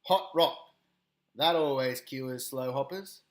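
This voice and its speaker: A man's voice: medium pitch, slow pace, lightly acted. A man voicing a big, kindly and confident male kangaroo in a storybook, speaking in a hearty, firm, commanding way.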